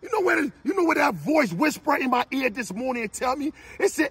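A man with a raspy, gravelly voice giving a fiery motivational speech, shouting repeated exhortations like a preacher. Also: very high voice, very animated, brisk, few pauses, no echo. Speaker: motivational speaker.

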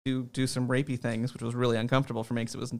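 A man in a relaxed interview, telling stories about himself with self-deprecating humor and frequent laughs. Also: medium pitch, very fast. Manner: laughs often. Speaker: interview guest. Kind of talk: casual chat.

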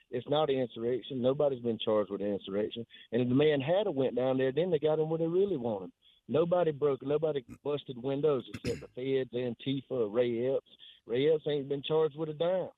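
A man calls in over a thin, phone-like line. He talks bluntly and indignantly. His pitch sits in the middle and the sound is dry. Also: a little fast, no room sound. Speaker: caller. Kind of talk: call-in radio talk. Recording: phone-line caller audio.

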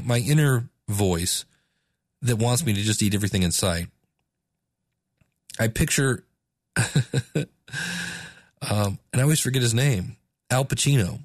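A man's voice: mid-range voice, no room sound, studio quality. Candid self-deprecating podcast host man. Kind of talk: casual solo podcast talk.

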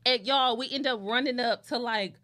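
A woman's voice: on the high side, moderate pace, bright, forceful tone. A woman in her thirties telling a story in a casual chat and talking straight to the audience as y'all. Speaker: guest.

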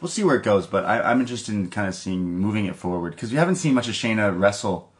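Rambling low-voiced man recapping wrestling. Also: lively intonation, fast talker. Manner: loose, rambling recap full of "like" and restarts. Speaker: podcast co-host. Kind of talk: casual wrestling recap chat.

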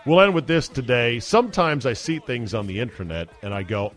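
A man's voice: mid-range voice, animated, a little fast, a bit bright, soft background music. A male podcast host, chatting casually and easily amused, with frequent fillers. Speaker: sports radio podcast host.

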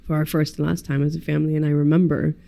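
A woman, a podcast guest, telling stories in lively casual chat, acting out quotes and swearing freely. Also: low-pitched, rapid-fire, creaky. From United States. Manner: animated storyteller who acts out quotes and swears freely.

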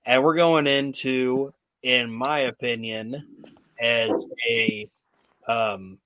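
Man, podcast host, slow delivery, dry close sound, swears a lot, casual recap chat. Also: medium pitch, dry recording. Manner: profane, animated storytelling.

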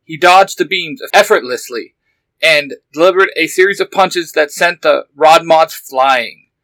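A man's voice: on the high side, measured pace, fairly bright tone, no room sound, poor audio. A man reading a superhero fan story aloud with eager narration.

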